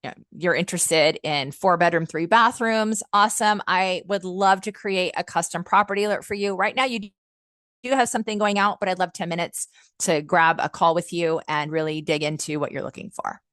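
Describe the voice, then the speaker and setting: A woman working as a customer success manager, leading a software training webinar in an upbeat, chatty, enthusiastic way, often using "like" and "um.". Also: fairly low pitch, brisk, no room sound, clean studio sound. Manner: frequent "like" and "um" fillers.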